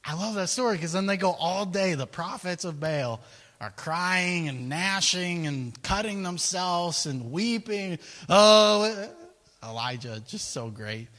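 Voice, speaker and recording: Animated man preaching a sermon. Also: sits high, slow pace, long reverb tail. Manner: animated, storytelling, laughs often.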